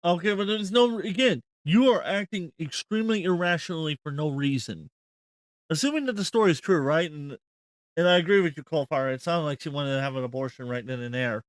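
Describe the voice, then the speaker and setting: A man's voice: a little high, brisk, dry recording. A man hosting a reaction stream, ranting with sarcastic exasperation and frequent swearing. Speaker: host reacting to a clip. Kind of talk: reaction commentary.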